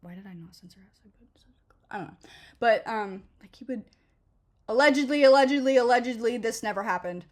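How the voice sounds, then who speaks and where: A woman's voice: medium pitch, brisk, pauses often. A young woman telling a storytime vlog in a casual, profane, sarcastic rant, full of "like" and "um". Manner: profane, animated and sarcastic, lots of fillers like "like" and "um". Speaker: vlogger.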